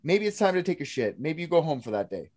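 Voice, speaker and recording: A man's voice: fairly high pitch, sing-song, quick pace, a little mellow. A man co-hosting a casual podcast, ranting in a heated, profane way about how people should be treated. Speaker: podcast co-host. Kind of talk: casual true-crime chat.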